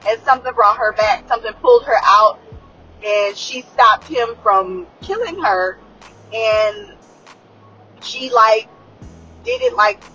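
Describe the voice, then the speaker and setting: Woman, excitable rambling recap chat, lots of swearing, faint music behind, dull lo-fi sound. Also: on the high side, takes it slowly, long pauses. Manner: excitable, profane, rambling with many fillers. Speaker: show reviewer.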